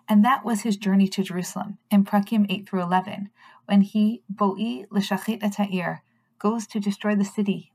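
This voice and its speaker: Woman, Torah teacher; earnest, measured delivery, reads then translates text. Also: medium pitch, darkish tone, husky. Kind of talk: recorded scripture lesson.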